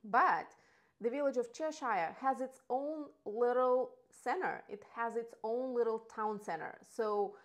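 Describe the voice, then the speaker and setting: Chatty woman touring neighborhoods. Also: fairly high pitch. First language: not English. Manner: chatty, enthusiastic, with frequent restarts and asides. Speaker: real estate agent. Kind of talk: casual real estate video narration.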